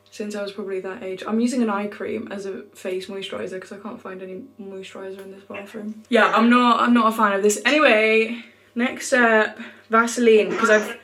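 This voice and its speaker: A woman's voice: mid-range voice, a bit bright. A young woman from England talks straight to her camera in a loose, chatty vlog style. She rambles and laughs at herself, and drops the odd casual swear word. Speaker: vlogger.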